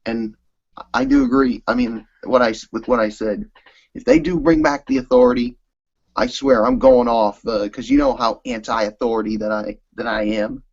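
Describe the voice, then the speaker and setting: A man's voice: mid-range voice, expressive, moderate pace. A man co-hosting a casual podcast, rambling through his thoughts with many "uh"s. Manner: rambling, filler-heavy recap. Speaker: co-host. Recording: slightly dull lo-fi audio.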